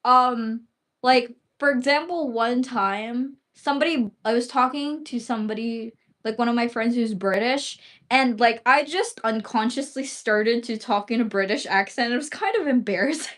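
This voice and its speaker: A young woman talks casually on her own livestream, answering viewers as she goes. Her voice sits a little high, and her speech wanders with constant "like" and "um" fillers. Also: moderate pace, fairly bright tone. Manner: rambling, heavy use of "like" and "um" fillers. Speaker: livestream host.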